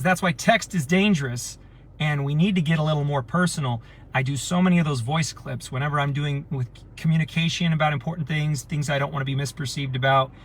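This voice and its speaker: Animated middle-aged man, higher voice. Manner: animated, acts out little quoted exchanges. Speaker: community leader. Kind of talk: motivational talk to a community.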